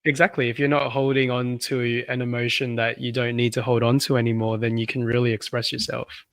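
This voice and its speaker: Relaxed Australian man telling a story. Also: mid-range voice, fairly quick, no echo. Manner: relaxed, laughs often, conversational storyteller. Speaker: podcast co-host. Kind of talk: casual chat.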